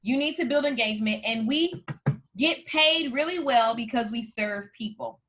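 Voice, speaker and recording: Bright, hyped woman coach. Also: a little high, normal speed, a little hiss or hum. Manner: energetic, hyped, addresses viewers as "you guys". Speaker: host and coach. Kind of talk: live video tutorial.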